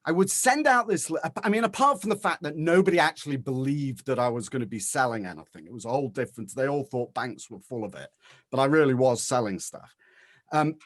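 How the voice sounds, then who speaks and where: A man with an English accent, a guest on a webinar, telling a story in a chatty, animated way over a video call. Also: mid-range voice, fairly quick, no room sound, studio quality. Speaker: guest speaker.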